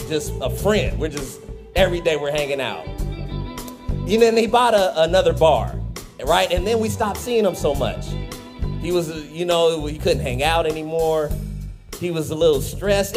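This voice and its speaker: A man, a comedian, telling a rambling comic story with lots of asides and animated outbursts. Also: sits high, creaky. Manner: animated, rambling with frequent "you know" and "right?" asides.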